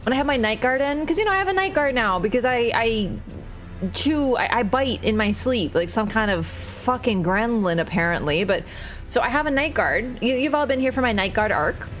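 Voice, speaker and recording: A woman's voice: a little high, expressive, normal speed, a bit bright, faint music behind. A woman livestreaming a game, chatting casually to her viewers in a rambling, joking way that is full of swearing. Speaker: gaming livestreamer. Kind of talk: casual stream chat.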